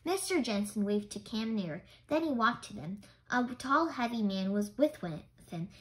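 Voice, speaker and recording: A woman reading a children's chapter book aloud in an expressive storytelling manner. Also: a little high, normal speed, rough recording. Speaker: storybook reader.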